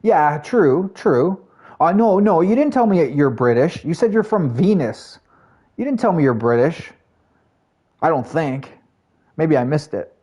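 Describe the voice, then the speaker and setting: A man streaming a shooter game, chatting casually with his viewers in a rambling, filler-heavy way that jumps to excited highs. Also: unhurried, slightly rough. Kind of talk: casual live-stream gameplay chat.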